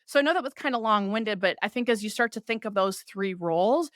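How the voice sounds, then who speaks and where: A woman hosting a podcast, explaining ideas in a lively, conversational way and often acting out the complaints she describes. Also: mid-range voice, fairly quick, no room sound, studio quality. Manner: animated, voices quoted complaints for illustration. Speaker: podcast host.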